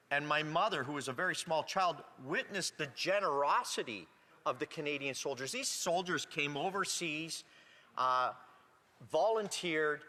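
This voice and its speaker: Halting man speaking in a chamber. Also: fairly high pitch, pushed and bright. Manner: halting, repeats words while searching. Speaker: member of parliament. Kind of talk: parliamentary speech. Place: legislative chamber. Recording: long reverb of a large chamber.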